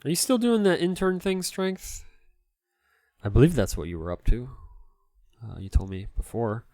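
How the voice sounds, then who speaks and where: A man's voice: medium pitch, animated, moderate pace, a little mellow, no room sound, studio quality. A man chatting casually to his live-stream viewers while cleaning a console, rambling and self-deprecating, laughing often.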